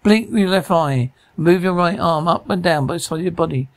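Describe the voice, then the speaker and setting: A man's voice: a little high, brisk, no room sound. A man reading out comedy sketches and describing the sound effects between them in a plain manner, with occasional stumbles.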